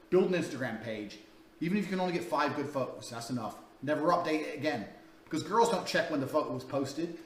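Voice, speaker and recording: A young man lecturing in a blunt, crude, profane way as a dating coach. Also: on the high side. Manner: blunt, crude, rapid-fire swearing. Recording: roomy, distant mic with faint noise.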